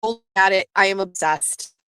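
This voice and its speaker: A woman's voice: medium pitch, normal speed, clean tone, no room sound, studio quality. A woman hosting a casual live stream, telling a story with swearing and acted-out quotes. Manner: animated, swearing, acts out quoted voices. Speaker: host.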